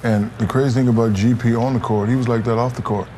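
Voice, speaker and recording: A man's voice: mid-range voice, steady tone, quick pace, mellow, slight background noise. A former pro basketball player, a man, telling an amused story in an interview and laughing as he quotes. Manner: amused, laughs while quoting.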